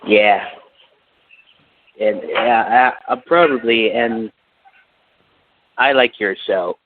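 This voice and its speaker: A man's voice: fairly low pitch, very slow. A man calling into a talk show who mumbles and hesitates. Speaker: caller. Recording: tinny phone line with faint noise.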